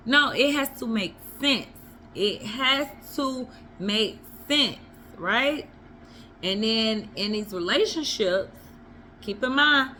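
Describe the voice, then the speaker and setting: A woman's voice: medium pitch, pushed and bright, slight background noise. A woman vlogger giving blunt, emphatic relationship advice in a casual monologue. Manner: blunt, emphatic, repeats herself for effect.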